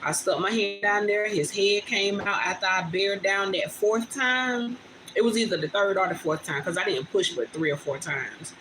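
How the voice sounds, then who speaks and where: A woman's voice: medium pitch, normal speed. A young woman, talking chattily and with feeling to viewers on a phone livestream from home. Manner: chatty, emotional, addresses viewers as y'all. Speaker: vlogger on a livestream. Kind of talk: casual heartfelt livestream talk. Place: home indoors. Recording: phone recording with clear background noise.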